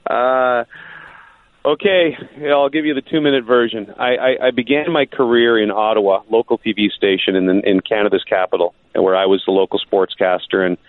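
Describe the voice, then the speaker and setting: A man's voice: lowish voice, fairly even intonation, normal speed, no echo. A male sportscaster calling into a podcast as a guest and telling a story with jokes. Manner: joking storyteller. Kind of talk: phone-in podcast chat. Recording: tinny phone line.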